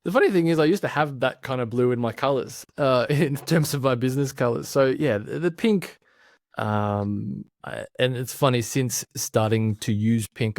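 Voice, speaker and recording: A man's voice: medium pitch, a little fast, dry recording, studio quality. A man in his thirties with an Australian accent, chatting easily as an interview guest, chuckling and thinking aloud. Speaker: podcast guest, branding expert. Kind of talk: casual remote interview chat.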